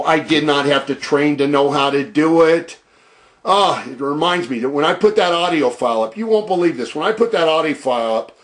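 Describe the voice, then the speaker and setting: A man addressing viewers in a rambling, boastful video blog, recorded on his own camera. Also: fairly high pitch. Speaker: video blogger. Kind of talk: casual video blog monologue. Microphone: own camera at home.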